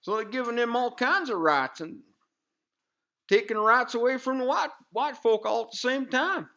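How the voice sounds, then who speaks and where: A man playing a loud-mouthed, bigoted redneck commentator with a rural Southern US accent, rambling in a folksy drawl full of fillers on a comedy news show. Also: extremely high pitch, expressive, moderate pace, creaky, full character voice. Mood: ranting. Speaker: satirical news pundit. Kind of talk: comedic character monologue.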